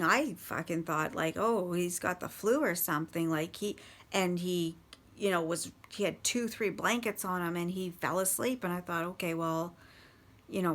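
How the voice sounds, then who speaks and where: Blunt, halting woman telling her story. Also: fairly low pitch, fairly bright tone. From Canada. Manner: halting, many restarts and fillers, blunt swearing. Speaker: partner of a recovering alcoholic. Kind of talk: casual personal storytelling.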